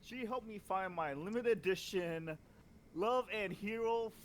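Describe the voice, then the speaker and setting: A man's voice: high-pitched, measured pace, slight background noise. A man voicing a round, nerdy young man who is an eager idol fan, reading visual novel lines live.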